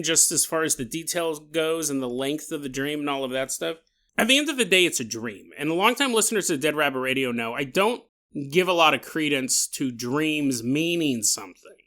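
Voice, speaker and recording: A man hosts a podcast and tells a strange story casually. He jokes and slips into little acted scenes. His voice has a bright, forward tone. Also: a little high. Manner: animated, joking, acts out scenes. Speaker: podcast host.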